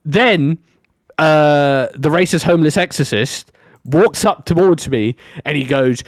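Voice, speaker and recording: Young male podcast co-host, from Africa, animated swearing storyteller, dry close-miked voice. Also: a little high, normal speed, no room sound. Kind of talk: casual storytelling chat.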